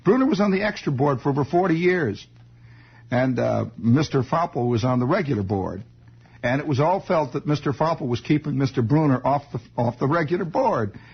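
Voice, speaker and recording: This man hosts a radio program, and his voice is mid-range, fairly quick and lively in intonation, with a breathy edge. In an off-the-cuff monologue he tells a digressive childhood tale and laughs softly as he talks, all on a dull lo-fi 1960s broadcast.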